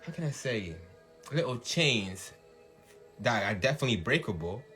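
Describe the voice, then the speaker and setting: A man with a mid-range voice and moderate pace hosts a relaxed livestream podcast. Full of energy, he laughs often and shouts whenever he mimics hype, over quiet background music.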